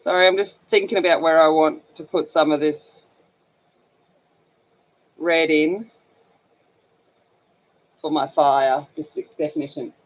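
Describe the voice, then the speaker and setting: A woman's voice: low voice, fairly even intonation, measured pace, long pauses. A woman from northern Australia with an Australian accent and a scratchy voice, chatting casually and rambling with many fillers as she hosts a coloring livestream. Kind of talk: casual chat while coloring.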